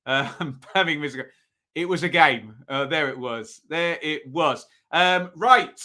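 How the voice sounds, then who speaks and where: A man hosts a relaxed football review stream. He chats with viewers and reads out their votes between frequent ums. His voice is bright and a little higher than average. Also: unhurried. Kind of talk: casual live-stream commentary.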